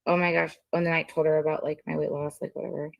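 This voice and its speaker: A woman reading old messages aloud on a casual stream, halting with many ums. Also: low-pitched, flat delivery, gravelly, no room sound, dull audio.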